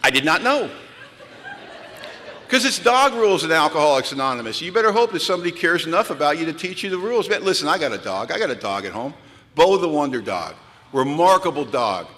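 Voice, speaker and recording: A man with a bright, forceful, fairly high voice tells comic stories to a crowd, acting out every voice in them. He speaks into a big event hall, and his voice rings out with a long, lingering echo. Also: big pitch swings, fairly quick. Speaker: recovery speaker. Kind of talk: humorous storytelling talk. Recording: live talk in a reverberant hall.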